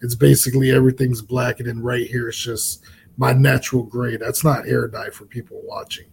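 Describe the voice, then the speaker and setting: Gravelly husky guy on a chat show, laid back, easygoing. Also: medium pitch, flat delivery, brisk, darkish tone. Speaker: guest. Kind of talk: casual chat.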